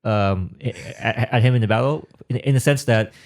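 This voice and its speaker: A man's voice: medium pitch, moderate pace, darkish tone. A man hosting a podcast, asking casual interview questions in a hesitant way. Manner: hesitant, many fillers and restarts while asking. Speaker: podcast host.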